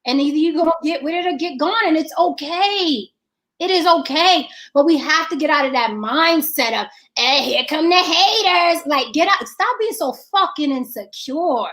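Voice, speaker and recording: High-voiced woman, blunt and profane. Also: animated, normal speed, fairly bright tone. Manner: blunt and profane, emphatic repetition. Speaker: filmmaker. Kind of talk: casual chat.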